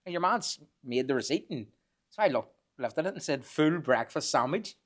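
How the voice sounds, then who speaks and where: A man's voice: on the high side, moderate pace. Swearing storyteller man. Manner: swears freely, animated anecdotes. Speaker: podcast guest. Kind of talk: casual storytelling chat.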